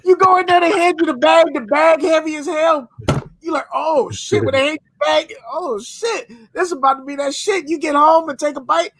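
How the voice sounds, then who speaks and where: Very high-voiced man ranting animatedly. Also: moderate pace. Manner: animated profane ranting storyteller. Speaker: podcast co-host. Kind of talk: casual chat.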